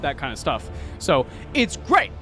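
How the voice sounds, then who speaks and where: A man from Kansas co-hosting a casual podcast chat, animated and profane, stumbling over restarts. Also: a little high, unhurried, music in the background. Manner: animated, swearing, many restarts. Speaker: podcast co-host.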